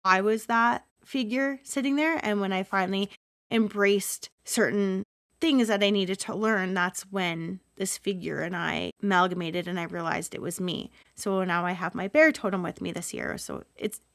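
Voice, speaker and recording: A woman's voice: medium pitch, normal speed, gravelly, fairly bright tone, dry recording, studio quality. A woman hosting a solo spiritual podcast as a Reiki healer, talking in an earnest, emotional and rambling way with many asides.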